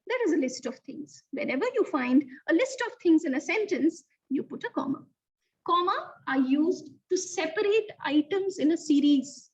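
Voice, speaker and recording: A woman's voice: high-pitched, lively intonation, moderate pace. A woman teaching young children a lesson, talking expressively and asking the listeners questions. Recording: distant, dull mic sound.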